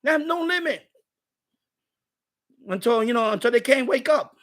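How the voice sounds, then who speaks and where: A man hosting a casual live stream, telling a story in an animated, ranting way and chatting with viewers. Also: very high voice, normal speed.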